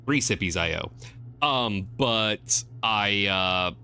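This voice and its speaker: A man chatting casually on a live stream, excitable, swinging from mumbles to squeals. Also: on the low side, slow pace.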